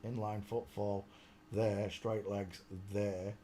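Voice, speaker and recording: A man's voice: fairly low pitch, flat delivery, slow, warm tone, slight background noise. A man hosting a casual live stream, chatty and exclaiming, muttering to himself as he searches.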